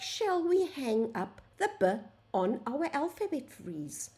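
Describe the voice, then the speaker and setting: A woman gives a children's phonics lesson, stretching out each sound and sweeping her voice up and down in a sing-song way. She talks very slowly and patiently, addressing the class directly. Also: high voice, sing-song, mellow. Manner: slow, sing-song, sounds out letters, addresses "boys and girls". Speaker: teacher.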